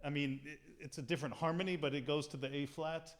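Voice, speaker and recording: A man's voice: fairly high pitch, steady tone, fast talker. A man giving an informal piano lecture, talking casually with many fillers and humming musical phrases aloud.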